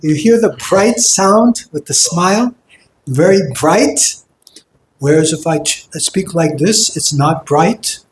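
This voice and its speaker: A man's voice: high voice, slow, a little hiss or hum. A man teaching a singing workshop to a group, demonstrating sounds with sung vowels. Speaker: kirtan teacher. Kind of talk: vocal workshop lecture. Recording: roomy hall echo.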